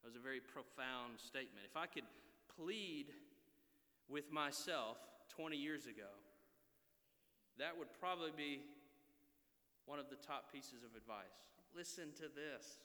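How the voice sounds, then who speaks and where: Bright-voiced preacher in a reverberant hall. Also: male voice, medium pitch, unhurried, long pauses. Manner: earnest, exhorting, keeps checking with "right?". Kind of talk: sermon. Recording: long reverb of a large hall.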